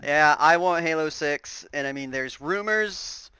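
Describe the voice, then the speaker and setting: A man's voice: a little high, a little slow, a crowd in the background, low-quality recording. A man co-hosting a casual gaming podcast, easygoing, laughing often and trailing off mid-sentence. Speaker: podcast co-host.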